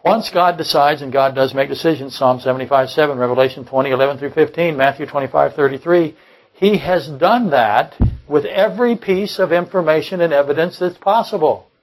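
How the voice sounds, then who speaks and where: A man's voice: on the high side, fairly quick, poor audio. An older man preaching a sermon, blunt and combative, often repeating and restarting his phrases. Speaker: pastor. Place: church service.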